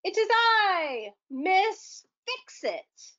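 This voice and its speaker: Lady putting on a proud heroine inventor voice, up high, kinda muffled recording. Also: sing-song, very slow, pushed and bright, full character voice. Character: bold cheerful young woman inventor hero.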